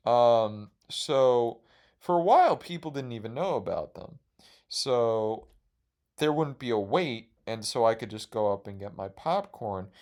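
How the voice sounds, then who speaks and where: A man's voice: mid-range voice, animated, a little slow, a little mellow. A young man hosting a podcast, rambling casually on his own with a self-deprecating, profane humor. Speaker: podcast host.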